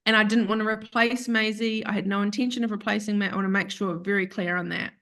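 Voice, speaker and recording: A woman, telling a personal story in a chatty, animated way as an interview guest, acting out the voices of others and laughing often. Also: mid-range voice, quick pace. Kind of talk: casual storytelling.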